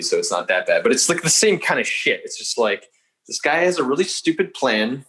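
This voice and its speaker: A man's voice: lowish voice, a bit bright, rough recording. Rambling, profane young man telling a story. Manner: swears freely, fast rambling with many fillers. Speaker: podcast guest. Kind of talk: casual storytelling.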